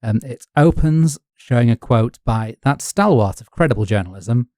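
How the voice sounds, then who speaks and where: A man from the north of England co-hosting a history podcast, telling the story with wry, deadpan humour. His voice sits mellow and dark in a close, dry recording. His colours the relaxed talk. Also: mid-range voice, normal speed, no room sound. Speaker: podcast co-host. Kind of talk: casual history podcast chat.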